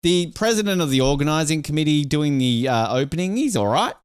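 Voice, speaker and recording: A man's voice: fairly high pitch, fairly quick, clear, resonant tone, no echo. Man, podcast host, irreverent chatter, swinging intonation, dry close mic. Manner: lively, irreverent, swears casually. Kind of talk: casual podcast chat.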